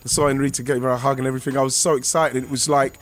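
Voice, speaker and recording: A former footballer, telling a rambling, excitable anecdote over a remote call. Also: male voice, medium pitch, racing. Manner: rambling, excitable, many restarts and fillers. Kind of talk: casual anecdote on a podcast.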